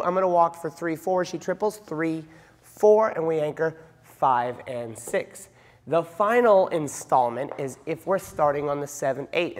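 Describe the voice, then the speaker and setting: A man teaching a dance lesson, explaining patterns and counting the beats aloud in a steady rhythm. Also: on the high side. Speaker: dance instructor. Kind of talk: instructional dance demonstration. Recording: reverberant hall sound.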